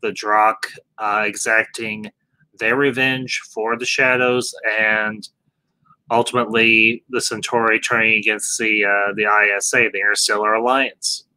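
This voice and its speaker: A man's voice: lowish voice, flat delivery, a little slow, sharp tone, no echo, rough recording. A man hosting a casual discussion, speaking animatedly, posing questions and restarting his sentences. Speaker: podcast host moderating a discussion.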